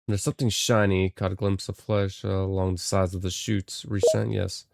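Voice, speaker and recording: A man's voice: low voice, flat delivery, normal speed, vocal fry, a little mellow, no echo, studio quality. A man playing a horror game, reading the text aloud with hesitant muttered asides. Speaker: game streamer.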